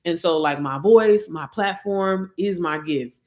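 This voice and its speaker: A woman's voice: on the low side, measured pace, a little mellow. Chatty lady on a livestream, talking to the viewers like friends, reads her affirmations out. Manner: chatty, addresses viewers as y'all, girl and baby. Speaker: livestream host. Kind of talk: casual livestream chat.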